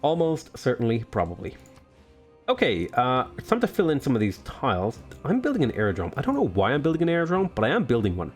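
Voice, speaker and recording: His medium-pitched voice swoops wildly as he talks at a quick pace. The man hosts a casual gaming let's play in a jokey, rambling way full of fillers, with game music faintly audible behind him.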